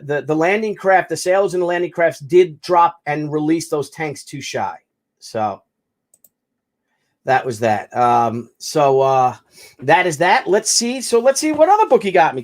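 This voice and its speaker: A man talking casually to camera in an unboxing video, halting and effusive, with many restarts and fillers. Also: on the high side. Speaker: vlogger unboxing a gift. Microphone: camera mic.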